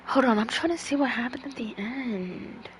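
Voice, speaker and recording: A woman's voice: a little high, moderate pace, a little hiss or hum. A woman chatting casually on a stream, rambling with lots of fillers and swearing freely.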